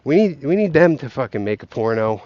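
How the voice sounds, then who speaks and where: This man's voice is medium-pitched, sing-song, brisk, and a little mellow, captured in lo-fi sound with no room echo. He's a vlogger strolling an outdoor path, rambling through a profane, joking rant aimed right at his viewers.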